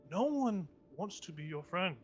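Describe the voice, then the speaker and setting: A man's voice: high voice, very animated, faint music behind. A man whispering as a taunting female spirit parasite. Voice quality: whispered, hushed. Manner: taunting, possessive, slow.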